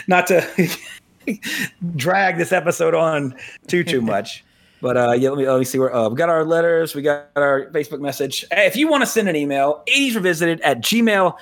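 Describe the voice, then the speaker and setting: A man's voice: a little high, expressive, moderate pace, fairly bright tone. Rambling, chuckling male podcast host. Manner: rambling, chuckles often, many restarts. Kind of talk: casual podcast chat.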